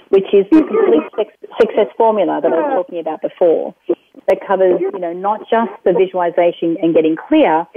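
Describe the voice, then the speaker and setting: A woman who creates self-help programs is interviewed conversationally over a phone line, rambling about her programs with many fillers and restarts. Her voice is lowish, and the tinny phone recording is dry.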